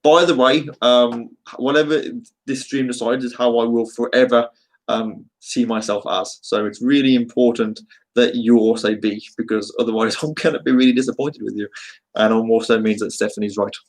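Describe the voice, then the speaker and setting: A man's voice: mid-range voice, steady tone, moderate pace, poor audio. A man with a Birmingham accent chatting casually to his live-stream viewers, rambling and joking with many fillers. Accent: Birmingham English. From England.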